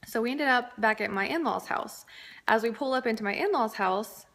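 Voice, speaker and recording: A woman's voice: a little high, moderate pace, fairly bright tone. A woman vlogger, around her thirties, casually telling a rambling story to camera, with fillers and asides.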